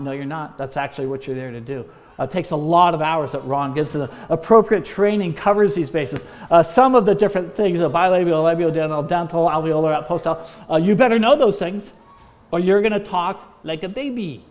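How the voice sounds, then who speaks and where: A man's voice: sits high, a little fast, a little mellow. A man, a former missions pastor, giving an emphatic training talk full of exhortation and frequent "uh"s.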